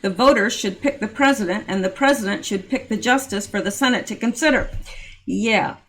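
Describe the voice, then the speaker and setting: A woman's voice: medium pitch, a little fast, fairly bright tone. Woman host just chatting to her viewers, earnest, rambly, lots of ums and restarts. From Canada. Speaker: political commentary channel host. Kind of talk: casual commentary.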